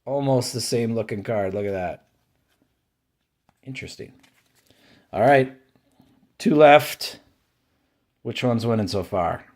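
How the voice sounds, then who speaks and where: Guy ripping card packs, slow and easygoing, reads off each card, gets excited at good pulls. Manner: unhurried, listing cards one by one, dry opinions; brightens and rises in pitch over favorite-team pulls. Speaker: card-collecting channel host. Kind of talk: casual pack-opening commentary.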